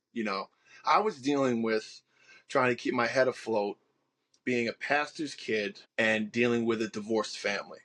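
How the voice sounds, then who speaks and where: A man's voice: mid-range voice, steady tone, normal speed, fairly bright tone. A man in his forties with a Long Island accent, a pastor telling his life story in a podcast interview, earnest and full of restarts. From Long Island, New York. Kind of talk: podcast interview, personal testimony.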